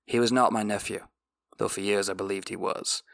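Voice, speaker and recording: Give me a grim middle-aged king, quiet and clipped, with a bright creaky edge, as a man reads him. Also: fairly low pitch, steady tone, fairly quick, dry recording, studio quality, voice pushed down.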